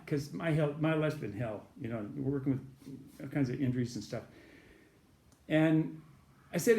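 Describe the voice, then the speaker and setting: A man's voice: fairly high pitch, normal speed, dark tone, echoey room. A man, a guest in an interview, earnestly retelling an experience and acting out the voices in it. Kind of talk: storytelling a near-death experience.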